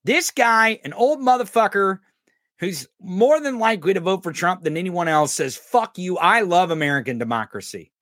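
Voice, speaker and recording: A man's voice: sits high, animated, moderate pace, a bit bright, no echo, clean studio sound. A man hosting a podcast, giving crude, mocking political commentary and swearing constantly. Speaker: podcast host. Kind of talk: profane political commentary over clips.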